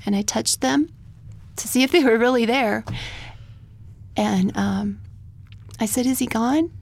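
Woman, gravelly voice, soft-spoken, halting, drops to whispers. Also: a little high. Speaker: guest, military widow. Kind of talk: emotional personal storytelling.

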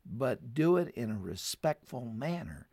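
A man telling a family story in an earnest way, who then turns to warm, urgent encouragement. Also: mid-range voice, big pitch swings, measured pace, slightly rough, no room sound. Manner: heartfelt, rises to urgent appeals. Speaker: radio program guest.

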